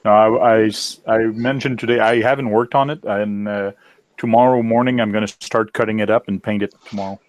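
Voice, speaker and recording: A man chatting casually in an online group hangout, relaxed and hesitant with fillers. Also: lowish voice, fairly quick, dry recording. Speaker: hangout participant.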